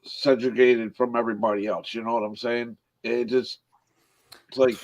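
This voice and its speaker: A man's voice: medium pitch, little pitch movement, moderate pace, creaky. Blunt man over dull remote audio. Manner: blunt, frank. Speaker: volunteer firefighter. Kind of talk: casual chat.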